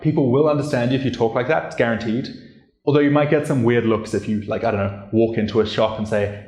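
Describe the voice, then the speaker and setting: A man presenting a casual pronunciation lesson as a learner of the language, explaining in a relaxed, chatty way with lots of "like" fillers. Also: medium pitch, quick pace. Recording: roomy echo.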